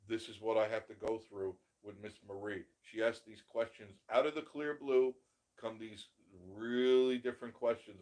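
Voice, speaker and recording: An opinionated man hosts a casual live chat, reacting emphatically to viewer comments. His voice sits at an everyday mid pitch, and he laughs often between remarks. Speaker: live show host.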